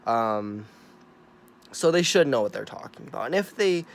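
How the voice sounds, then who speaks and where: Male vlogger, mid-pitched voice, ranting straight to camera: heavy swearing, insistent repetition, drops to mutters, then loud emphatic bursts. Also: expressive, normal speed, gravelly. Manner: profane, emphatic, repetitive, swinging from mumbling to loud.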